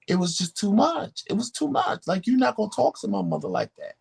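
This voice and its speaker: Gravelly, high-voiced man telling stories. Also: normal speed. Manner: animated, profane, acts out quoted voices. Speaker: podcast co-host. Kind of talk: casual storytelling chat.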